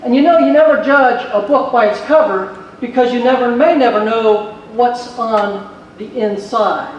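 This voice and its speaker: A man emceeing on a convention stage, telling jokes and introducing speakers in a folksy, animated way. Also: very high voice, moderate pace, dull audio, slight background noise. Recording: echoey hall from far off.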